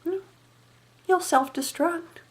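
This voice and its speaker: A woman's voice: very high-pitched, big pitch swings, slow pace, pitched above the performer's own voice, heavily acted. A woman imitating a cold, dismissive older woman with a cool, lilting, slightly quavering voice and clipped put-downs. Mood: cutting.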